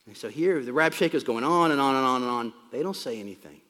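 A man's voice: mid-range voice, animated, fast, bright, forceful tone, long reverb tail. A man preaching a sermon, explaining scripture in a plain, conversational way.

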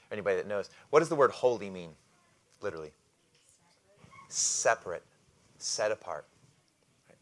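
A man preaching a sermon, calling out to the congregation for responses and explaining scripture in a loose conversational way with light humor. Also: fairly low pitch. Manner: call-and-response with congregation, animated emphasis. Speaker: pastor.

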